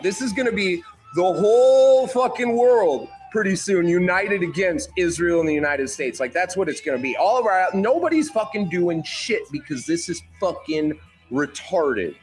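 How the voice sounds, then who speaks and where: A man with a high voice that swings up and down. He delivers a profane, animated political rant and keeps slipping into mocking voices for the leaders he quotes. Faint music plays behind him. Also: moderate pace. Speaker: panel host.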